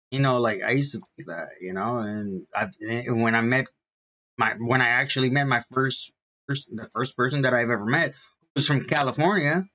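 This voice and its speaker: An American man speaks in a loose, earnest monologue, circling back and repeating phrases as he preaches his point. His pitch sits in a middling range. The recording sounds muffled and lo-fi. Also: a bit bright. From United States. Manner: repetitive, restarts often, earnest. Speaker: vlogger and minister. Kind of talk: rambling casual monologue. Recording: dull lo-fi sound.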